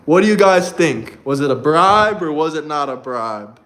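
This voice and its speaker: A man's voice: fairly high pitch, expressive, moderate pace, a bit bright. A man hosting a casual livestream from his own setup, talking straight to his chat in a combative, mocking way. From United States. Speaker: livestream host.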